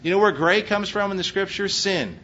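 A man's voice: normal speed, bright, forceful tone. A man with a slight Texas accent preaching a sermon as pastor, emphatic and full of rhetorical questions. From Pennsylvania. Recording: muffled recording with faint low rumble.

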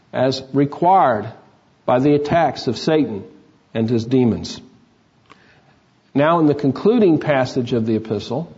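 A man preaching an expository sermon, explaining scripture in a measured, teacherly way. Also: a little high, a little mellow, dull audio. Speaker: pastor.

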